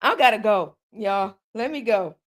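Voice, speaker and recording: A woman from the American South hosting a casual chat with viewers, animated and jokey, with exaggerated disbelief. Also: mid-range voice, unhurried. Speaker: host.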